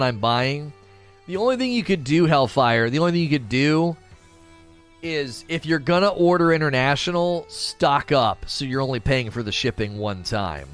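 A man's voice: on the high side, a bit bright. A man livestreaming in casual chat, teasing and bantering with his viewers as he reads their comments.

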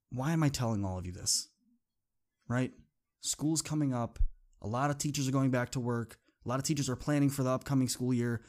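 A man's voice: medium pitch, a little mellow. Earnest man hosting a podcast. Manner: earnest, conversational, repeats phrases for emphasis. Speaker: podcast host. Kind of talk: motivational podcast monologue with personal story.

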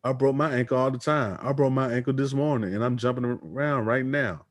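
A man's voice: medium pitch, fairly quick, no echo, clean studio sound. A man co-hosting a podcast, casually chatting about wrestling news and reading quotes aloud. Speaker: podcast co-host.

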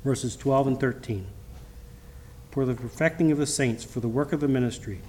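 A middle-aged man preaches a church sermon and mixes in personal testimony. His pitch is ordinary for a man and his delivery halts and restarts often. A faint noise sits behind him. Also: darkish tone. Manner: halting, with frequent restarts; reads scripture in King James wording. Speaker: lay preacher.

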